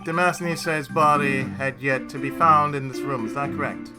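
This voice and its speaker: A man on a live stream reads a game's text aloud in a measured, mid-pitched voice, with game music playing clearly behind him. Now and then he breaks into loud banter. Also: fairly even intonation.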